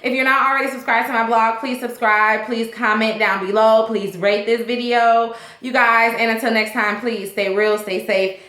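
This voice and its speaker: A woman's voice: fairly high pitch, fairly even intonation, normal speed, hardly any pauses, bright, forceful tone, echoey room. A woman hosting a casual vlog that recaps a TV episode, talking in a rambling, chatty way with lots of fillers. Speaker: TV show reviewer, vlog host.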